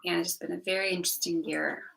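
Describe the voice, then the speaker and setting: A woman's voice: fairly low pitch, flat delivery, fast talker, creaky, a bit bright, a little hiss or hum, poor audio. A young woman vlogging candidly about a hard year, rambling emotionally with many restarts and repeated words. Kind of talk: candid personal vlog talk.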